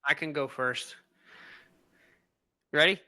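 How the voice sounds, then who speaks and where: An easygoing man co-hosting a podcast, mostly answering in short, agreeable replies. His voice is high and bright, and it sounds dry and close to the mic. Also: slow, no echo. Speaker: podcast co-host. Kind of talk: casual chat.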